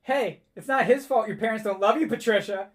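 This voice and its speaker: A man's voice: sits high, fairly quick, voice pushed up, natural voice. A man doing a chirpy young halfling girl. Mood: defiant.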